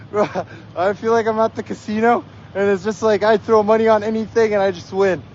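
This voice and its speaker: A hoarse young man livestreaming outdoors on a snowy street, excitedly yelling shout-outs to viewers. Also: sits high, fairly quick, dull audio. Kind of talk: live stream reading out viewer donations.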